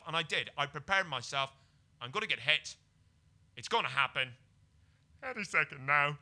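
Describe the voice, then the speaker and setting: A British man, a comedian guest, telling a comic story on a podcast, jumping between quiet mutters and excited bursts. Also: unhurried, pauses often. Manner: animated, swings from low mutters to excited bursts.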